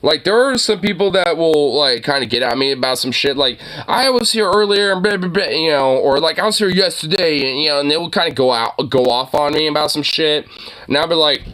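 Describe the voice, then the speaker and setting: A man's voice: fairly high pitch, fairly quick, fairly bright tone. A young man in casual, profane reaction chat, rambling and getting heated.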